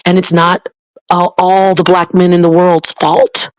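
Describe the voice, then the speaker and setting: A woman's voice: fairly low pitch, level tone, a little slow, clean tone, no echo, rough recording. Blunt, heated woman vlogger ranting. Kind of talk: ranting monologue.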